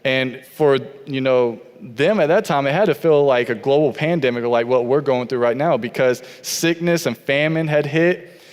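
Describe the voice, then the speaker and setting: A man's voice: mid-range voice, normal speed, clean tone. A man preaching a sermon as pastor, with an earnest, repetitive cadence. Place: church sanctuary. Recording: long church hall reverb.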